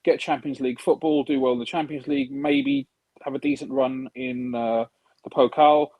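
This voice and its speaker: A man's voice: mid-range voice, expressive, moderate pace, creaky, dry recording, dull audio. A man on a casual panel chat, reasoning hesitantly with frequent restarts.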